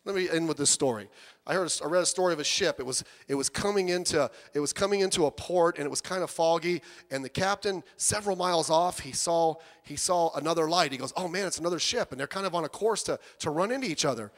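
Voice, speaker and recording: A male pastor preaching a sermon in a church, animated and conversational, acting out the people he quotes and swinging from soft asides to loud outbursts. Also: a little high, fast, big-room sound.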